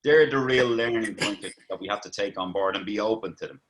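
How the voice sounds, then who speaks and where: A man's voice: on the low side, quick pace, fairly bright tone, rough recording. An Irish man from Ireland calling in to a group video call, talking earnestly and reflectively in a motivational way. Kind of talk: casual chat.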